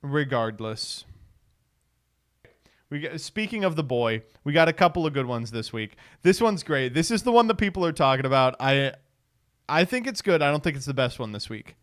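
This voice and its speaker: A man's voice: on the high side, sing-song, moderate pace, fairly bright tone. A man hosting a stream, casually commenting on clips with a sarcastic tone, frequent laughter and free swearing. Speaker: streamer host.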